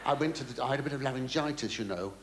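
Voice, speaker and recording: A man's voice: medium pitch, racing, very noisy. A man doing a camp, theatrical stand-up act with the audience. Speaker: comedian. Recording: echoey live venue with laughter.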